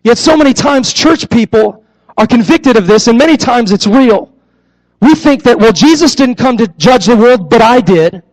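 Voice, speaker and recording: Young guy preaching, really high voice, says things twice for emphasis, acts out his stories. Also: normal speed, poor audio. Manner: animated storytelling with acted-out voices; repeats key phrases for emphasis. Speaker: youth pastor. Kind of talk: sermon.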